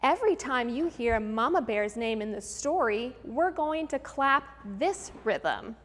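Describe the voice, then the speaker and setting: A woman hosting a live virtual music lesson for children, explaining each idea clearly and step by step in an upbeat teacher's manner. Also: a little high, big pitch swings, unhurried, fairly bright tone. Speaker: host of a children's music program. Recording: long room reverb with faint background noise.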